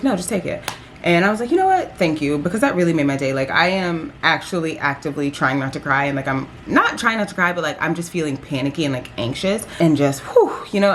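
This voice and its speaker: A young woman vlogging, telling a story in a chatty, animated way with lots of fillers. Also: deep voice, slight background noise. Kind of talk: casual storytelling vlog.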